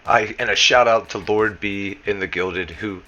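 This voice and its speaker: A man's voice: lowish voice, steady tone, measured pace, sharp tone. A man with a Southern US accent giving a casual, chatty voice-over for a game building tutorial, dropping plenty of "you know" asides. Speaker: game building guide creator.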